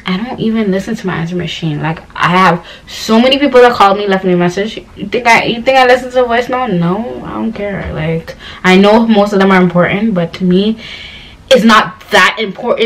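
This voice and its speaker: A woman's voice: medium pitch, quick pace, low-quality recording. A young woman vlogger telling a story in a casual, slangy, rambling rant, exasperated and fed up.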